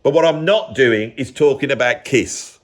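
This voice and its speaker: A man's voice: medium pitch, normal speed. A British man in his fifties, a music vlogger giving a rambling, mocking casual rant peppered with mild swearing. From Britain.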